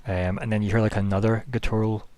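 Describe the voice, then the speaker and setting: This is a man running a tabletop session, describing scenes in a low voice. He talks in a loose, rambling way, stacking "like" and "um" as he builds each image. The sound is dry and close. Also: level tone, quick pace, a little mellow, no room sound. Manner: rambling descriptive narration with many fillers. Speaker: game master. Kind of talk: narrating a tabletop game.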